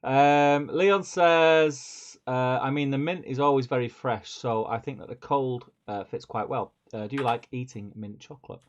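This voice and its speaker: A man's voice: mid-range voice, normal speed, hardly any pauses. A man co-hosting a live stream, reading viewer comments aloud and chatting with a laugh. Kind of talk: casual live-stream chat. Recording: dull lo-fi stream audio.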